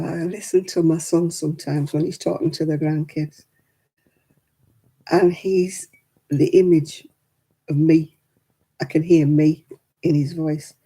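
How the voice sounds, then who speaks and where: A woman's voice: low-pitched, dark tone, breathy edge. An older woman, hosting a casual live chat and telling stories with frequent laughter. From England. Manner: chatty storytelling, laughs often. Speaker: livestream host.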